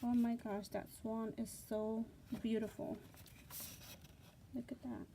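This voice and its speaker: Gushing excitable woman with a slightly high voice. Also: takes it slowly, noisy background. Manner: gushing, excitable, many fillers and repeats. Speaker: craft channel host. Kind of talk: casual unboxing vlog.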